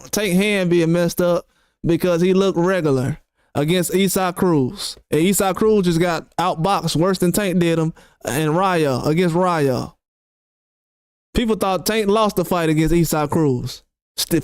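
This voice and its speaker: High-voiced man ranting about boxing. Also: clear, resonant tone, no room sound, clean studio sound. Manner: animated, mocking, quotes critics sarcastically. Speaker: boxing channel host. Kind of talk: opinionated commentary rant.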